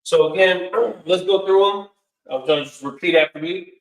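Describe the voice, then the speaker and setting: A man teaching a class in a casual way, calling out each word loudly for the students to repeat. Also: sits high, moderate pace. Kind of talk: classroom lesson, call and response. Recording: echoey room, far from the mic.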